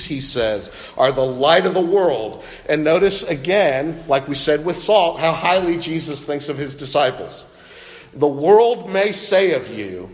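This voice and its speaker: A man preaching a sermon as pastor, emphatic, with a rising and falling cadence. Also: on the high side. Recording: long hall reverb.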